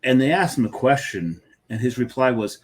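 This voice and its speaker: A man's voice: medium pitch, animated, moderate pace. A man co-hosting a podcast in casual chat, joking and laughing often. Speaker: podcast co-host.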